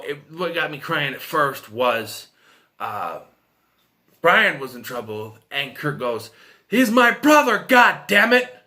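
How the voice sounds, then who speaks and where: Bright-voiced man rambling through a film review. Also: on the high side. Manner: rambling, retells scenes with quoted lines, many restarts and fillers. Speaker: movie reviewer. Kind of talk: casual spoken film review.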